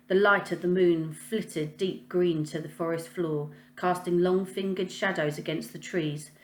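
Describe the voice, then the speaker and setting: Woman teacher, calm read-aloud narration, lowish voice, roomy echo. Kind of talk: reading a children's novel aloud. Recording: echoey room.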